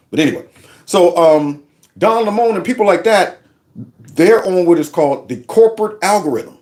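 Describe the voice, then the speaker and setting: A man's voice: high-pitched, expressive, normal speed, a little mellow. A man hosting a casual political commentary show, folksy and mocking, with lots of asides. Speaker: show host.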